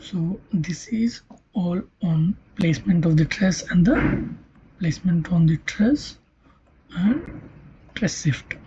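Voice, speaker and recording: A linguistics lecturer giving an online lesson in a breathy, half-whispered voice, often stopping to ask whether it is clear and correcting themself mid-explanation. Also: medium pitch, expressive, takes it slowly, long pauses, warm tone, slight background noise. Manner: checks understanding with "Clear?" and "right?". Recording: dull lo-fi recording.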